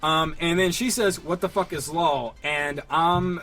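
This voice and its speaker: A man's voice: fairly high pitch, unhurried, fairly bright tone, faint music behind. A young man co-hosting a podcast in casual chat, reading out online comments in a mocking way, with many fillers. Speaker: podcast co-host.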